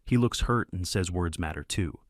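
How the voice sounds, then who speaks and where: A man reads a first-person story aloud in short, clipped fragments. His voice sits on the low side. The recording is dry and close, with no room sound. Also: normal speed, no room sound. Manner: terse, clipped sentence fragments. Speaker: narrator.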